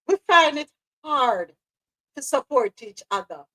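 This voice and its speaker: A woman's voice: high-pitched, big pitch swings, measured pace, pauses often, pushed and bright, low-quality recording. Passionate woman host. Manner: passionate, preachy, repeats phrases for emphasis. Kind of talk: live news podcast commentary.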